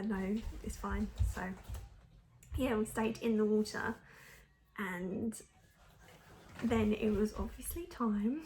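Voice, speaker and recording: A young woman talks casually and candidly to the camera, her voice sitting a little high. She chats freely, laughs often and leans on fillers. A faint hiss runs under the recording. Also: a little mellow. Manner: chatty, frank, laughs often, many fillers. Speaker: mum vlogger.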